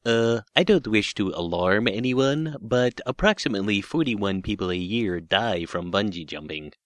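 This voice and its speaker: A man's voice: lowish voice, lively intonation, moderate pace, a bit bright, no room sound. A man voicing a nervous, fussy know-it-all who speaks precisely. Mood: anxious.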